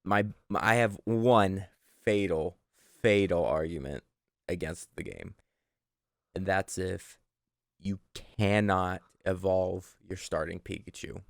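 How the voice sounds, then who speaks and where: A young man co-hosting a podcast, rambling through casual chat in an animated, sweary way. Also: deep voice, slow, gravelly, no echo, clean studio sound. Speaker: podcast co-host. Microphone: studio microphone.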